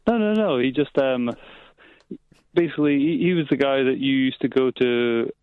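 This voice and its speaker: A man calling in to a late-night radio show on the phone, telling a story haltingly with many restarts. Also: medium pitch, clear, resonant tone, dry recording. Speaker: caller. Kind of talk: phone-in chat. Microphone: phone line. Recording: dull phone-line audio.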